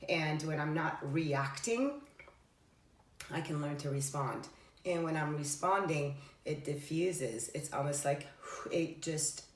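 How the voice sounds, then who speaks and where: A woman's voice: low voice, slow. A woman giving an earnest, rambling spiritual monologue, full of fillers and self-corrections. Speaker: spiritual tarot vlogger. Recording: echoey room, voice somewhat far from the mic.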